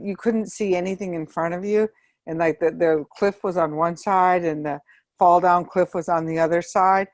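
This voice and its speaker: Woman telling an old story on a call, lower voice, dry sound, relaxed. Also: dry recording. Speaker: book study participant. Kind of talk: casual anecdote.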